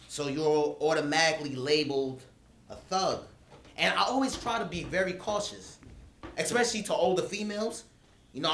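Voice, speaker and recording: A slangy, cautious New teen boy, played by a young man in a staged reading. His voice is bright and forceful, and he keeps checking in with the listener. The echoey stage is picked up from afar with a faint hiss. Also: on the high side, close to an everyday voice. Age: young adult. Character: laid-back teen boy from the city, cautious. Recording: echoey stage filmed from a distance.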